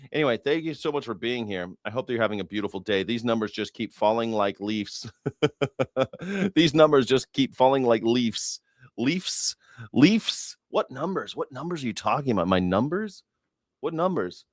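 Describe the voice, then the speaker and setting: A man's voice: mid-range voice, normal speed, dry recording, studio quality. An American man hosting a casual news commentary livestream, sarcastic and profane, laughing at his own jokes.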